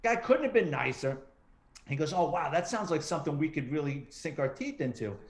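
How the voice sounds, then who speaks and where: In a casual interview, a middle-aged retired police detective and author shares stories, animatedly voicing the people he quotes. His pitch is fairly high, his pace a little fast, and the room adds noticeable echo.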